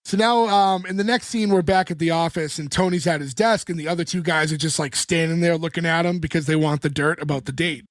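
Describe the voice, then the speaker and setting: A man co-hosting a podcast, retelling a sitcom episode in a casual, animated way and acting out the characters' lines. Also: fairly high pitch, brisk, hardly any pauses, dry recording, studio quality. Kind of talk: casual chat.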